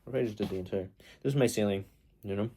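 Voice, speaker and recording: A man's voice: lowish voice, very fast, warm tone, slightly rough. A man vlogging in a casual, rambling way, joking with viewers and talking himself into being productive. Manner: rambling, joking, self-motivating. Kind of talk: casual self-talk vlog.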